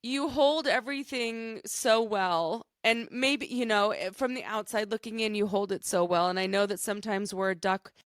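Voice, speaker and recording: A woman's voice: mid-range voice, normal speed, few pauses, no room sound, studio quality. A woman co-hosting a podcast, talking in an earnest, rambling way with many fillers and restarts. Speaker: podcast co-host. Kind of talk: casual chat.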